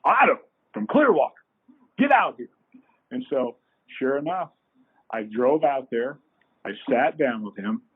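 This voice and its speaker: A middle-aged man, a company co-founder, telling folksy, animated stories as a podcast guest over a tinny phone-like line. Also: mid-range voice, slightly rough. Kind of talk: anecdotal storytelling in a podcast interview.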